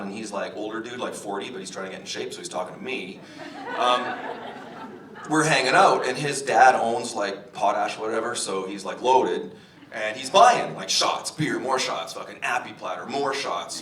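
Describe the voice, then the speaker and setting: A young actor playing a crude, brash store clerk, telling a rambling, profane story with chuckles on a stage. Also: male voice, a bit bright, natural voice. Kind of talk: theatre monologue. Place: theatre stage. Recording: roomy stage audio from a distance, faint rumble.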